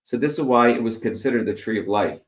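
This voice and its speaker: A middle-aged man explains a slide presentation, working through long lists of terms with filler words. His voice sits on the lower side. The sound carries a roomy echo. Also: fast talker. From India. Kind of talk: explanatory lecture over slides.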